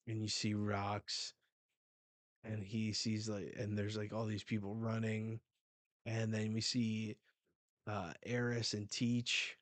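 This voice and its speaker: A man hosting a casual manga reaction, excitable and a little foul-mouthed as he narrates the panels. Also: fairly low pitch, slow pace, pauses often, dry recording. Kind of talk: casual live reading reaction.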